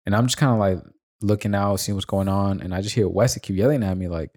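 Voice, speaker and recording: A man's voice: fairly low pitch, racing, darkish tone. A man co-hosting a podcast, telling a laid-back story with casual swearing and frequent laughs. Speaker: podcast co-host. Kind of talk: casual chat.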